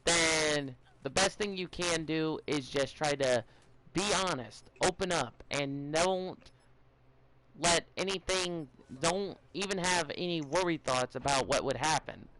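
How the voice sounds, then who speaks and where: A man's voice: fairly high pitch, measured pace, fairly bright tone, a little hiss or hum, poor audio. A young man hosting a casual podcast, rambling and giving advice with many fillers, restarts and stutters. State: a bit out of it, stuttering.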